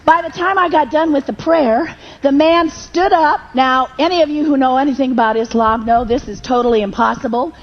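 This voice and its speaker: A woman's voice: high voice, brisk, few pauses, highs cut off. A woman preacher telling a personal testimony in a sermon, with emotional storytelling that rises into fervent prayer.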